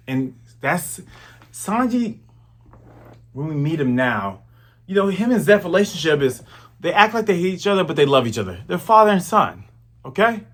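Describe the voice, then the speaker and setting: Animated man in his thirties reviewing manga. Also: on the high side, normal speed, long pauses. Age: 30s. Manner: animated, slangy, chatty. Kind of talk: casual commentary.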